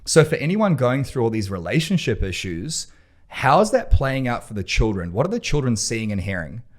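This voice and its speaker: A podcast host with a mid-range voice talks at normal speed in a casual conversation, very animated. He's blunt and emphatic, swearing freely.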